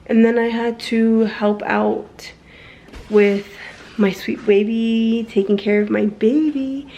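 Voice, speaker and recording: Young woman, unhurried speech, frank and rambling, home phone vlog, swears casually. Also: fairly high pitch, steady tone, mellow, dull audio. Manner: rambling with fillers and self-corrections. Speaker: vlogger. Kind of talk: candid personal vlog.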